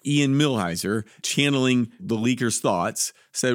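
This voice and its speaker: A lowish male voice drives a podcast conversation, making his points with dry, wry asides. The sound is close and dry, with no room around it. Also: moderate pace, no room sound. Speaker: podcast co-host. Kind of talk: conversational discussion.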